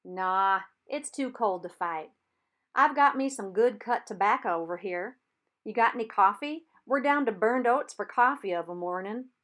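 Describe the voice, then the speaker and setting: A woman voicing a young, ragged Confederate boy soldier who speaks with a soft Southern drawl and a folksy, coaxing manner as he calls out across a river. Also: fairly high pitch, animated, unhurried, few pauses, pitched above the performer's own voice. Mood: calling out, coaxing.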